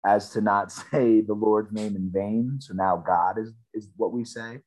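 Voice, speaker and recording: A laid-back young man in his twenties trades deadpan jokes and laughs a lot in a casual podcast chat. His voice is a bit husky and sits on the low side. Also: a little slow. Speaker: podcast co-host.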